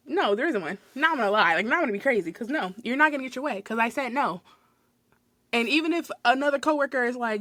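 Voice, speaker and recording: A young woman hosting a podcast, telling retail stories in a sassy, animated, profane way. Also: on the high side, quick pace, no echo. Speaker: podcast host, retail manager. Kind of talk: casual storytelling.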